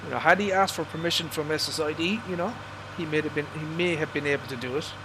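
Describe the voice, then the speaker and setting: A man's voice: fairly high pitch, steady tone, fast talker, noisy background. An Irish man casually commenting on a farming game he is playing live, rambling through his opinions and swearing at mishaps on screen. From Ireland. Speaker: livestreamer.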